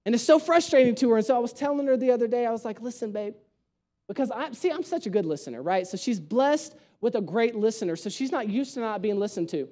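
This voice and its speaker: A young male pastor with a notably high voice tells jokes as he preaches a relaxed sermon. He talks in an animated, storytelling way, and his delivery stays light and playful. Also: quick pace, hardly any pauses. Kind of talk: conversational sermon.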